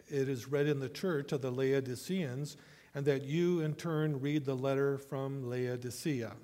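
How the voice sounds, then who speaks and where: A man pastor reading scripture and preaching a sermon, telling a story in a measured way and asking rhetorical questions. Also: medium pitch, mellow. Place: church sanctuary. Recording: long church hall reverb.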